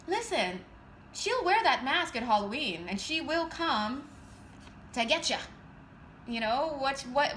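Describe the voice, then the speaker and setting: A woman giving a casual tarot reading, chatty and animated with jokey asides. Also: a little high, a little hiss or hum. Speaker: tarot reader.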